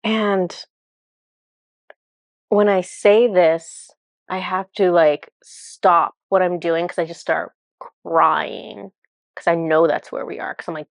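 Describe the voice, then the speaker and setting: A woman with a fairly low voice tells of a spiritual vision in an earnest, emotional way. She speaks casually and often stumbles and restarts her words. Her voice sounds close and dry, with no room echo. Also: measured pace. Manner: earnest, emotional storytelling with many fillers and restarts. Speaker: spiritual channeler. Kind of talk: recounting a channeled vision.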